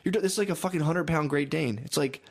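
A young man in casual chat, telling animated stories, swearing often and acting out other people's voices. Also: fairly high pitch, fast talker. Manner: animated storytelling, swears a lot, acts out voices.

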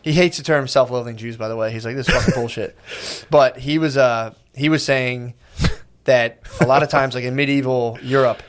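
A man's voice: mid-range voice, steady tone, normal speed, clear, resonant tone. A man co-hosting in casual chat, rambling with profanity and acting out quotes in voices. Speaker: podcast co-host.

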